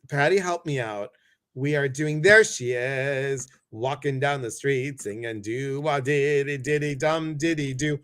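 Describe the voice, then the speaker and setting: Brief: male live-stream host, casual and animated, greets viewers by name. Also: mid-range voice.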